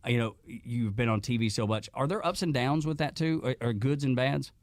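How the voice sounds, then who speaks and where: A man's voice: medium pitch, moderate pace, dry recording. Man, podcast host, joking, casual interview, dry studio mic. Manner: joking, laughs often.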